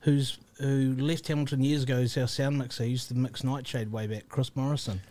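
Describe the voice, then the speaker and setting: A man's voice: medium pitch, brisk. A man with a New Zealand accent, a guest musician telling a tour story in casual chat and acting out the voices of the people in it. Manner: animated anecdote-telling, acts out quoted voices.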